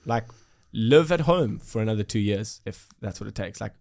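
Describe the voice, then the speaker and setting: A young South African man in his twenties speaks in an interview, earnest and reflective, often circling back with fillers and restarts. His voice sits a little low. He sounds sincere and unhurried as he works through his thoughts. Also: expressive, creaky, a little mellow. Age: 20s. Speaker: musician guest. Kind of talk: casual interview conversation.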